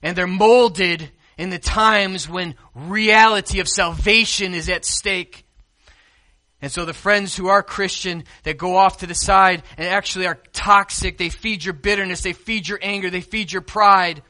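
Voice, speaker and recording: A man preaching a sermon as pastor. He swings between hushed, quiet stretches and loud, emphatic peaks, and puts questions to the congregation. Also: high-pitched, fairly even intonation, measured pace.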